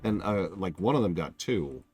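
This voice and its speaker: A man giving casual, animated live-stream commentary while reviewing a game, laughing and joking at his own mishaps. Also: sits low, normal speed, faint music behind. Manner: animated, laughing, self-mocking.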